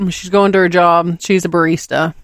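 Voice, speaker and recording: A woman's voice: little pitch movement, normal speed, dry recording. A woman with a Southern American accent, co-hosting a podcast and improvising a rambling story, hesitant and full of restarts. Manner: rambling, hesitant, voices characters with small pitch lifts. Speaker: podcast co-host.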